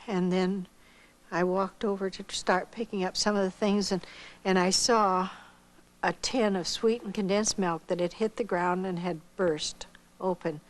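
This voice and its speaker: A woman's voice: mid-range voice, a little slow, low-quality recording. Older woman telling a vivid life story. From Iowa, United States. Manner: storytelling, acting out others' lines with lively voices. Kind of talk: spoken personal testimony.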